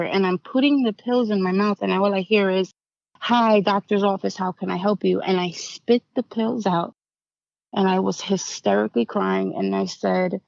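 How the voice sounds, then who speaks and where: A woman's voice: medium pitch, gravelly, a little mellow, no echo. A woman guest on a podcast telling her personal recovery story, candid and emotional, stumbling over repeated words at hard moments. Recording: dull, dry lo-fi sound.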